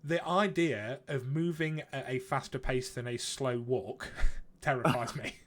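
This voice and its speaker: Here a male podcast co-host with a steady, medium-pitched, fairly bright voice talks a little slowly in casual chat, cursing without restraint and chuckling at the stories he tells.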